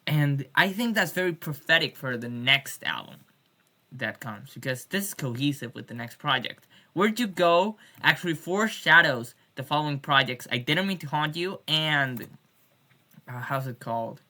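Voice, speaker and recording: Woman, bright and sharp tone, loose irreverent vlog rant with jokey swearing. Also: rumbling low, moderate pace. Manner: rambling, irreverent, swears jokingly; many restarts and fillers. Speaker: music fan. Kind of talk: casual video diary rant.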